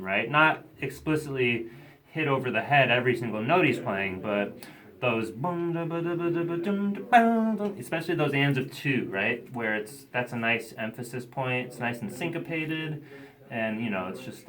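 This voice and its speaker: A man's voice: medium pitch, moderate pace, pushed and bright. A man, a drummer, explaining his drum part, scatting the rhythms aloud with frequent hesitant fillers.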